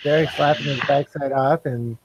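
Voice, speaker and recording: A man's voice: mid-range voice, fairly even intonation, normal speed, highs cut off, a little hiss or hum. A man co-hosting a livestream, cheerfully reading viewer comments aloud. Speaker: co-host reading chat. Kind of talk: casual livestream chat.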